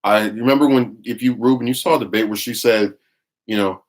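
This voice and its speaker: A man's voice: mid-range voice, normal speed. A man giving blunt, scornful live-stream commentary, reading viewer chat and rambling with frequent restarts. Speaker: livestream commentator.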